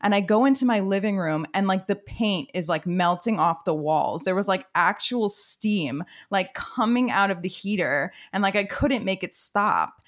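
A woman from Brooklyn with a Brooklyn accent, a guest on a casual chat, telling stories in an animated way full of "like", recording in her apartment on a professional microphone. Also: medium pitch, normal speed, few pauses. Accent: Brooklyn New York. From Brooklyn, New York. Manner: animated storyteller, lots of "like", laughs. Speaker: guest, host's sister.

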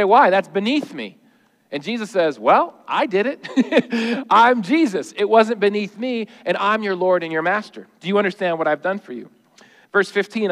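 A male pastor preaching a sermon in a lively, conversational way, with jokes and everyday asides. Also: high voice, long reverb tail.

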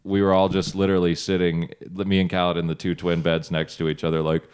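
Very deep-voiced joking man. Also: monotone, a little mellow, clean tone. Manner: loose, joking storyteller with quick asides. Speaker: stand-up comedian guest. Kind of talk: casual podcast interview.

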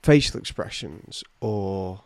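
Wry guy chatting on a podcast, voice bounces around a lot, deadpan storyteller. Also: low voice, slow pace. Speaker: podcast co-host. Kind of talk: casual podcast chat.

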